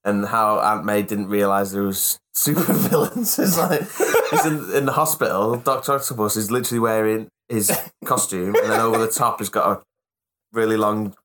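A man on a casual podcast rambles through an anecdote, chuckling along the way. His voice sits fairly low. He talks in a loose, friendly manner. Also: steady tone, normal speed, fairly bright tone, a little hiss or hum. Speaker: quiz player.

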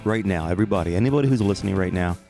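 A man's voice: deep voice, racing, vocal fry, mellow, soft background music. A middle-aged man hosting his podcast alone, rambling in a playful, self-mocking way. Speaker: podcast host. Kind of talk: casual solo podcast monologue.

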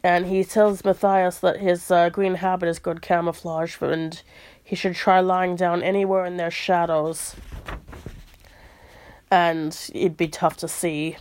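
A woman with a somewhat low voice chats casually, retelling a story she's reading. She talks in a relaxed, easygoing way, full of asides. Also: measured pace. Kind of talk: casual chat, reading a book aloud.

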